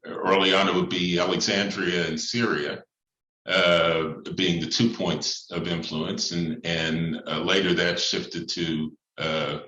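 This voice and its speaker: A priest speaking in a thoughtful, measured way, pausing often with fillers as he lays out his points. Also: low voice, little pitch movement, pushed and bright. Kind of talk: reflective talk on church and society. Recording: echoey room, slightly dull sound.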